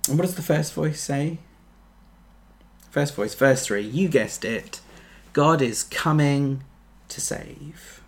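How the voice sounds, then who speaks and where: A man preaching a sermon, earnest, building to emphatic peaks and then dropping soft. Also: on the high side, slow pace.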